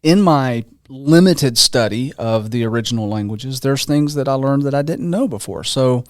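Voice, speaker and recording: A man's voice: mid-range voice, lively intonation, normal speed, no room sound, studio quality. A man hosting a podcast, asking long, casual questions full of fillers and restarts. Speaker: podcast host. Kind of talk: conversational podcast interview.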